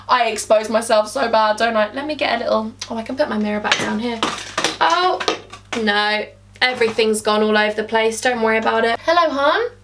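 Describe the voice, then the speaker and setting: A woman's voice: a little high, a bit bright, recorded from a distance, a little hiss or hum. A young English woman chatting and rambling playfully through a makeup tutorial, calling her viewers huns. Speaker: beauty vlogger.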